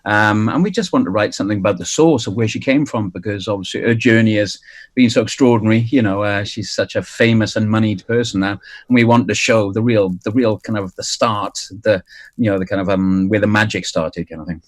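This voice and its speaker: A Welsh man in his fifties, a musician guest on a radio interview, talking in a halting way with many fillers and restarts. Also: fairly low pitch. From Wales. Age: 50s. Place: outdoors by the sea.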